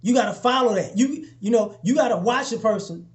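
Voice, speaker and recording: A young man giving a casual motivational talk to his followers, preaching and repeating himself, often acting out little exchanges in a lower voice. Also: animated, fairly quick. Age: young adult. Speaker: motivational vlogger.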